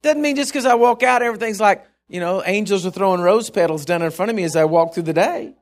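A man's voice: high-pitched, fast. A male preacher giving a sermon in an emphatic, conversational way.

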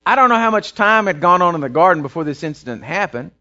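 A high-voiced man preaches, his pitch leaping up and down as he tells a story and drives it home. He builds to punchy, repeated phrases. The sound is dull and lo-fi. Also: animated, fast, pushed and bright. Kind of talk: sermon.

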